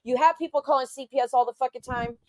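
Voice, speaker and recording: Woman streamer, indignant and foul-mouthed, talking to her chat; a little high, close and dry. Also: fairly even intonation, fast talker, a little mellow, dry recording. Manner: indignant, profane, talks straight to her chat. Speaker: YouTube livestreamer. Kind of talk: casual ranting livestream.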